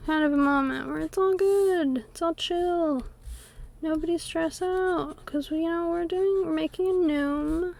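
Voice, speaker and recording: A woman's voice: extremely high pitch, measured pace, creaky, darkish tone. A woman streaming her art on a desktop USB microphone at home. She chats in a playful, rambling way and hums to herself while she draws. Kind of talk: casual chat while drawing on stream.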